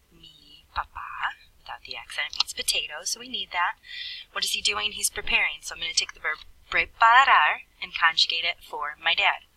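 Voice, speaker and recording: A woman's voice: on the low side, sharp tone, husky, far from the mic, poor audio. A woman Spanish teacher explaining grammar patiently, step by step, in a recorded lesson. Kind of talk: recorded classroom lesson with screen writing.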